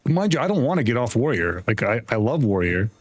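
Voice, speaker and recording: Man, gaming livestream, casual chat, swears a lot, laughs often, excitable. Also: medium pitch, fast talker. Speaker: streamer.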